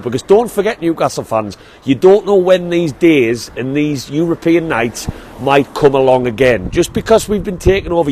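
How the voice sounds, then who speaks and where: A man, vlogging in an excited, chatty way as he heads to a football match through city streets. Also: medium pitch. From England. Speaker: vlog host. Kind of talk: matchday vlog.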